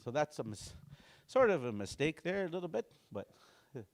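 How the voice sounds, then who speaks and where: A man teaches a language class, slowly repeating phrases to drill pronunciation and giving casual, folksy explanations. His voice is a little high and sing-song.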